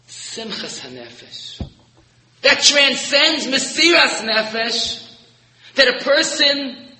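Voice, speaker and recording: Rabbi guy preaching, high sharp voice, big echoey hall, gets loud then drops real quiet. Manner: storytelling with rising emphatic peaks and sudden hushed drops. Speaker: rabbi giving a Torah talk. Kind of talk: sermon. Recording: echoey hall, long reverb.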